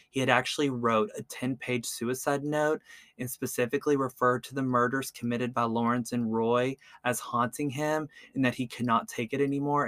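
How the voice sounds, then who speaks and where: A man hosting a podcast, telling a true crime story in a relaxed, casual way with lots of "like" and "um". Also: mid-range voice, no room sound. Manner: relaxed, peppered with "like" and "um". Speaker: podcast host.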